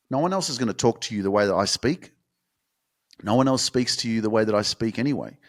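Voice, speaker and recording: A man's voice: on the low side, fast. A young man from Australia hosting a motivational podcast, talking bluntly and swearing freely.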